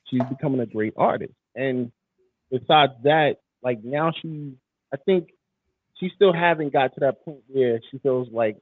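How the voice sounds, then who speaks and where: A man hosting a podcast in casual, teasing, slangy talk, also reading sponsor shout-outs. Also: medium pitch, unhurried, no echo. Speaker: podcast host. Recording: dry, phone-like thin sound.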